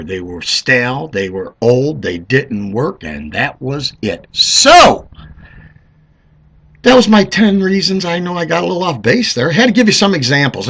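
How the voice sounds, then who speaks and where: A middle-aged man giving a sarcastic comic rant on his vlog, mocking and swinging between loud outbursts and mumbles. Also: fairly high pitch, creaky, breathy edge. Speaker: political vlogger.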